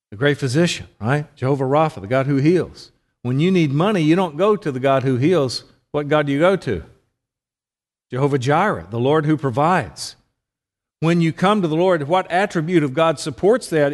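A man's voice: fairly high pitch, big-room sound. A middle-aged man giving a conversational sermon, often putting questions to his listeners. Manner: conversational, asks the audience questions. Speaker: preacher.

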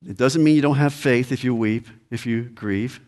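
A man's voice: mid-range voice, normal speed, a little mellow. A man preaching a sermon in a conversational way, reading scripture and talking straight to the congregation. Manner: conversational preaching, addresses listeners directly. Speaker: pastor.

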